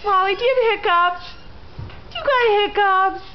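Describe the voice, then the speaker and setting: A woman's voice: extremely high pitch, huge pitch swings, measured pace. A woman filming her puppy at home on a handheld camera, talking to it in a doting, sing-song, teasing way, with a dog barking behind her, in a dull home video with background noise. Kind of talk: home video baby talk to a pet. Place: home, indoors.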